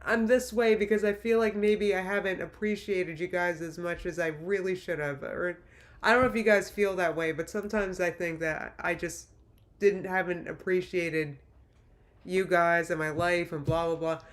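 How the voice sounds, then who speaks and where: A livestream host in her late thirties goes through viewer comments in a lowish, steady voice at a moderate pace. She chats casually but emotionally, rambling and starting over repeatedly.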